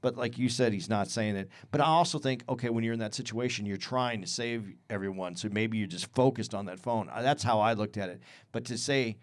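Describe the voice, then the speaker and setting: A man co-hosting a podcast in casual chat, animated, often acting out what others said. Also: lowish voice, brisk, hardly any pauses. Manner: animated, acts out quotes in a raised voice. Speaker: podcast co-host.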